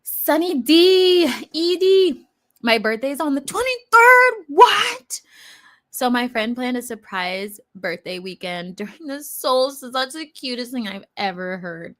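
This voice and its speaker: A woman's voice: medium pitch, fairly bright tone. Giggly chatty woman livestreaming. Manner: chatty, giggly, reads chat comments aloud. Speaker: livestream host. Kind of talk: casual livestream chat, reading comments aloud. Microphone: eating while talking on a livestream.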